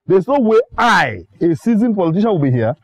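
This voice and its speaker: A man's voice: high voice, very animated, a little fast, no room sound, full character voice. An actor playing a boastful, pompous male politician. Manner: pompous, grandstanding.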